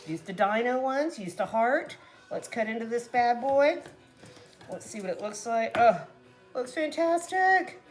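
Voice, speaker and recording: A woman casually chatting to viewers while cooking at home, talking to them as "guys" and laughing often. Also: medium pitch. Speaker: cooking vlogger. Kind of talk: casual cooking chat to camera.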